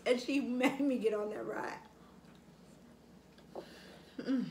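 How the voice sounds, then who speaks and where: A woman's voice: on the high side, fairly even intonation, takes it slowly, long pauses, a little mellow, a little hiss or hum. Middle-aged woman vlogging while eating, echoey room. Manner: reflective, reminiscing, frequent fillers. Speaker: mukbang vlogger. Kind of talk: casual chat while eating. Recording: echoey room with faint ambience.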